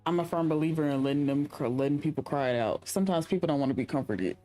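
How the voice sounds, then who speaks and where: A woman's voice: deep voice, fast, warm tone, faint music behind. A young woman streaming a game, reading its narration aloud and adding chatty asides. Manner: chatty, speculative asides between read-out narration. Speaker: gaming streamer. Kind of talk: reading game text and chatting during a playthrough.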